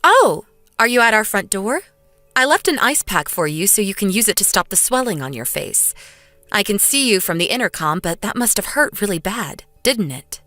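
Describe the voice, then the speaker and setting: A woman voicing a calm young wife who firmly lectures her mother-in-law. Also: mid-range voice, dry recording. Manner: cool, lecturing, steady. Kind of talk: dramatized story dub.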